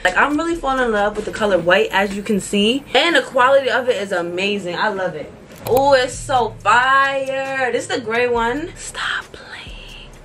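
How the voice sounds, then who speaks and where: A woman's voice: a little high, normal speed, fairly bright tone, slight background noise. Bubbly young woman vlogging in slang. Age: 20s. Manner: bubbly, slangy, talks to viewers. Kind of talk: casual vlog chat to camera.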